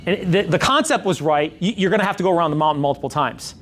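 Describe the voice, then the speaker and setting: A man's voice: on the high side, animated, fast talker. A middle-aged man as a sales coach, talking emphatically and repeating his points in a coaching session.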